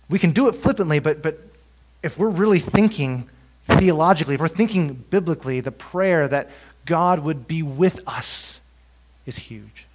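Male pastor, slightly high voice, sermon delivery with loud-to-hushed dynamics. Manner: dynamic preaching, drops to a hushed voice for emphasis.

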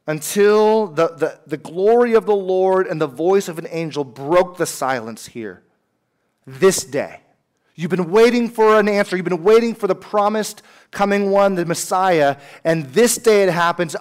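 Animated man preaching a sermon. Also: high voice. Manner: animated, conversational preaching with asides and voiced quotes. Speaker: pastor.

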